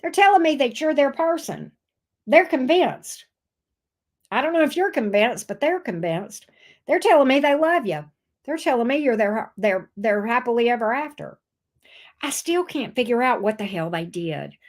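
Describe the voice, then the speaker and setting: A woman's voice: fairly high pitch, very animated, normal speed. A woman giving a casual tarot reading, blunt and sassy, swearing freely. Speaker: tarot reader.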